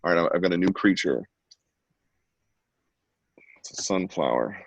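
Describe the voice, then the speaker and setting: A man with a deep, low voice hosts a casual online art class, keeping up a playful, joking commentary as people draw. He talks over a video call and the sound is close and dry, with no room echo. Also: expressive, moderate pace, gravelly, slightly rough. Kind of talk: casual live-stream teaching.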